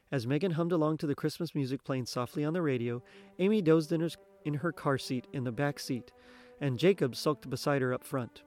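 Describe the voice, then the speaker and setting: A man narrating a story chapter in a steady, expressive reading voice. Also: fairly high pitch. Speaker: reader.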